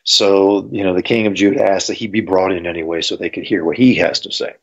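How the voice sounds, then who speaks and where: A man gives an explanatory Bible teaching in a conversational style, thinking out loud with fillers. His low, husky voice is steady and a little fast, captured on a dull lo-fi recording.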